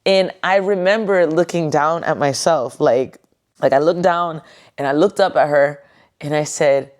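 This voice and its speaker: A woman with a notably low, deep voice talks through a personal story on her podcast. She is goofy and candid, cracks jokes and swears casually. She is relaxed at home on her couch. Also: measured pace. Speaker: podcast host.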